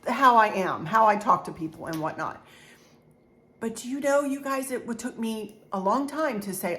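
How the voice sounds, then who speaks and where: Middle-aged woman, rambling home decor vlogger, encouraging tone. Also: medium pitch. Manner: warm, rambling, encouraging, with many restarts. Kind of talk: chatty haul vlog.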